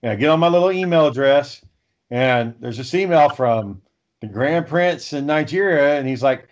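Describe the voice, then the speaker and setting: A man's voice: mid-range voice, expressive, moderate pace. A man in his thirties chatting casually and telling rambling, profane stories. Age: 30s. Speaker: podcast co-host. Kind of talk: casual chat. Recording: dull lo-fi audio.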